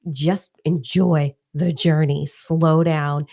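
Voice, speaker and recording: A spiritual reader in her forties reads a weekly energy forecast live in a low, gravelly voice that sits deep with fry at the bottom. She's casual and emphatic, hammering her key phrases repeatedly, with a steady, slow, and warm tone.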